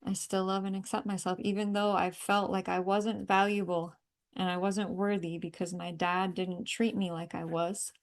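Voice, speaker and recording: A woman leading a guided energy-healing call, calmly repeating affirmations and breathing cues. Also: medium pitch, normal speed. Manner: calm, repetitive guiding with breathing cues. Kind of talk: guided tapping and affirmation session.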